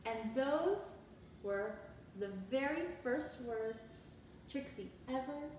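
A woman teacher reading a picture book aloud to children, animated and expressive with asides, heard from far off in an echoey room. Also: sits high, slow, a little hiss or hum.

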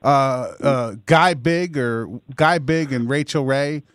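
A man's voice: mid-range voice, slow, fairly bright tone, clean tone, no echo, clean studio sound. A man hosting a podcast in casual chat, asking long rambling questions full of fillers. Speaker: podcast host.

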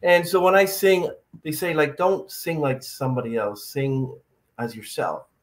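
A man's voice: a little high, steady tone, a little slow. A man hosting a casual podcast interview, chatting and reading out viewer comments. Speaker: podcast host.

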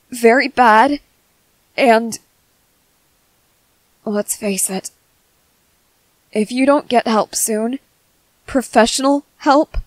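A woman doing a fretful young male soldier in a whispered role-play, his soft voice pitched slightly high and unhurried. He frets and apologizes as he tends a wound, close and dry with no room around him. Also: no echo, rough recording. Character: anxious young male soldier, gentle medic.

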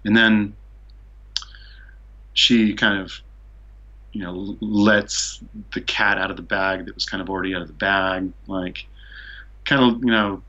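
A man's voice: sits low, fairly even intonation, unhurried, long pauses, bright, forceful tone, muffled recording. A man from Seattle telling a long travel story as a podcast guest, rambling with lots of "like" and "you know". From Seattle, USA. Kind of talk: casual storytelling.

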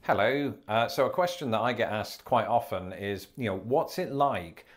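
A man with an English accent speaking in a vlog, measured and wry, with a dry self-deprecating humour. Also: fairly low pitch. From England. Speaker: vlogger. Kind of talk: talking-head vlog monologue.

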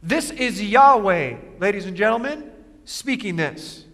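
A male pastor giving an emphatic sermon, asking rhetorical questions and alternating quick asides with slow, stressed phrases. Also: sits high, animated, fairly bright tone, in a large hall.

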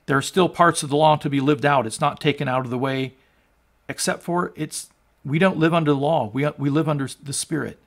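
A man in his sixties, a pastor preaching, moving from quiet teaching to loud, fervent proclamation. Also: on the high side, steady tone, brisk. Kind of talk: sermon.

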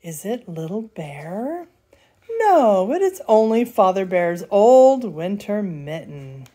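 An older woman, a grandmother, reading a bedtime storybook aloud in a lively, playful way. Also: medium pitch, slow. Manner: lively, playful, does character voices.

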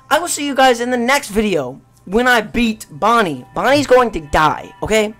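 Gamer commentator, mid-range voice, dry close sound; excitable, jumps from shouts to hushed mutters. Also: mid-range voice, normal speed, no echo, soft background music. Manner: excitable, swings between loud outbursts and hushed mutters; playful trash talk at the game. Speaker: gaming YouTuber. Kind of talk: let's play commentary.

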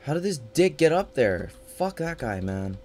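A man's voice: mid-range voice, sing-song, moderate pace, a little mellow. A man giving live gameplay commentary, swearing constantly and swinging between panicked yelps and frustrated grumbling. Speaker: gaming channel host.

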